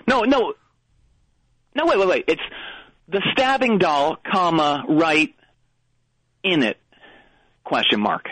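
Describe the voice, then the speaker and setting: A man playing a rambling middle-aged baseball coach who talks with confident wrongness, halting and restarting often. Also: fairly high pitch, animated, fairly bright tone, no room sound, heavily acted, low-quality recording. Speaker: minor league coach. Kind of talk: comedy call-in bit.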